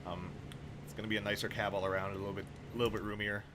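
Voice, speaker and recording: A man's voice: on the low side, little pitch movement, racing, background noise. A young man streaming a train simulator, chatting casually with rambling, profane, wry asides. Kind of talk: casual gameplay commentary.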